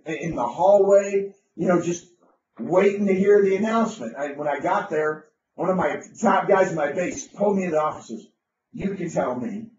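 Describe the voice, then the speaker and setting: High-voiced man telling a sales story. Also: a little hiss or hum. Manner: enthusiastic, rambling with restarts. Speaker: business speaker. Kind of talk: anecdotal storytelling talk. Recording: roomy, distant, dull lo-fi sound.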